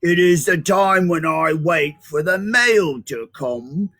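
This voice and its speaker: A man voicing a bashful, unhappy toad from a children's storybook, in a plaintive, drawn-out way. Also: on the high side, sharp tone, voice pushed up, heavily acted. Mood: glum. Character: bashful, fussy male toad.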